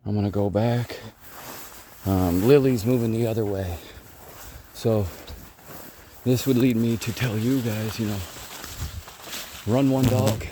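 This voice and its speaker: This bird-dog trainer speaks in a steady, low voice, slowly and with long pauses, explaining to camera as he walks the woods and praises his dogs. He calls out to them loudly, and the noisy outdoor recording picks up birds and other sounds.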